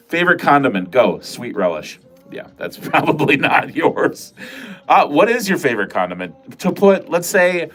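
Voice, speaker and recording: A middle-aged man hosting a casual livestream from a corner of his home, chatting with viewers in a rambling, self-mocking and profane way. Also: mid-range voice. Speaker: livestream host. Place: corner of a home filming room.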